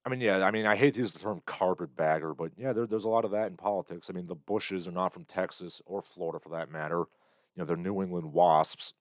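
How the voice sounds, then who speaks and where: A man with a very low voice rambles through his own livestream, blunt and full of fillers, reacting to chat comments as they come in. He sounds like he is in his thirties. The sound is close and dry, with no room around it. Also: fairly quick, dry recording. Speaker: livestream host.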